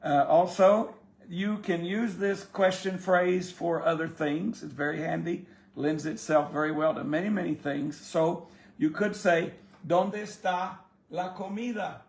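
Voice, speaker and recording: A man's voice: fairly high pitch, fairly even intonation, a little slow, vocal fry. A man giving a casual spoken language lesson as the teacher, folksy and encouraging, with joking asides. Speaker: Spanish teacher. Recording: echoey room.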